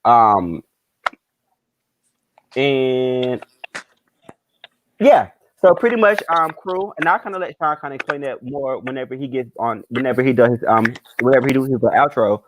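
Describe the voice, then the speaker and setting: A man's voice: medium pitch, animated, moderate pace, pauses often, slight background noise. A man hosting a casual talk show, rambling with many ums and restarts. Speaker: podcast host. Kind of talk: casual chat.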